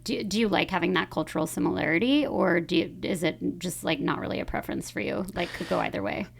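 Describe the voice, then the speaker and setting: A woman's voice: fairly low pitch, animated, fast talker, vocal fry. A woman hosting a podcast, chatting casually and asking playful questions. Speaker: podcast host.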